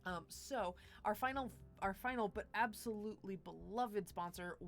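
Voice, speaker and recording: Her mid-range voice keeps a moderate pace with hardly any pauses, over soft background music. Hosting a tabletop game stream, this woman talks casually through the sponsor reads, stumbling into plenty of fillers and restarts.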